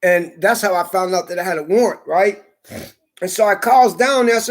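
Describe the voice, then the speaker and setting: A man delivering a heated, profane ranting monologue, his voice rising into shouts. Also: high voice, a little fast.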